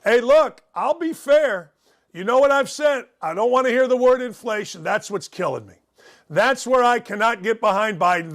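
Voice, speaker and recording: A man's voice: high-pitched, a bit bright. A man hosting a sports talk show, ranting in a sarcastic, mocking way about sports and politics. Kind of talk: opinionated sports and politics rant.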